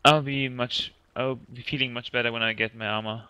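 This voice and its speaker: A man's voice: medium pitch, fairly even intonation, moderate pace, pushed and bright, clear, resonant tone, lo-fi sound. A man chatting playfully during a game, laughing often. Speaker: game player. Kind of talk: casual gaming chat.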